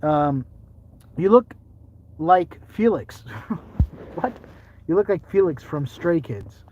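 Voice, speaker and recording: A man hosting a ghost-hunting livestream, rambling, joking and laughing often with viewers as he chats. His voice sits slightly high for a man, and the sound is dull and lo-fi. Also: expressive, slow pace, noisy background. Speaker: ghost-hunting video host. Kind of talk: live-stream chat with viewers.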